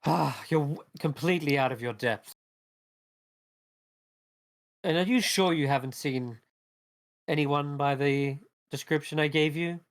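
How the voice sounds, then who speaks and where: A man's voice: a little high, animated, normal speed, natural voice. A man voicing a cold, haughty woman mage who speaks curtly and dismissively. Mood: scornful. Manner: curt, dismissive.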